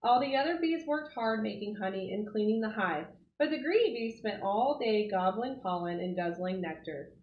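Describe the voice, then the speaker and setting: Animated woman reading a storybook. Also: mid-range voice, normal speed, few pauses, slight background noise. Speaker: 4-H club leader. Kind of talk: reading a picture book aloud to kids. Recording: roomy, dull lo-fi audio.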